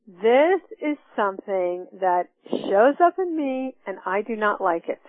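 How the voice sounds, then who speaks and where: A woman's voice: a little high, animated, a little slow, few pauses, no room sound. Woman teaching over a tinny phone line. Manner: earnest, reflective, speaks in steps. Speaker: teacher of a forgiveness class. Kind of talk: teaching talk with personal examples.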